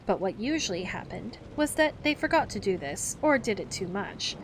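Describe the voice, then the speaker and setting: A woman reading a children's classic aloud as a gentle bedtime story, taking on the characters' voices. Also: big pitch swings, normal speed, a little hiss or hum. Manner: acts the characters with raised pitch for the children's outbursts.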